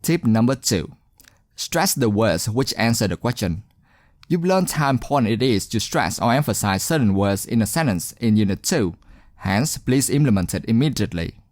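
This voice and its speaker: Lively, encouraging male teacher, dry sound. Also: lowish voice, no echo. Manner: encouraging, deliberate, emphatic stress on key words. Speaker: English exam teacher. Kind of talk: scripted instructional narration.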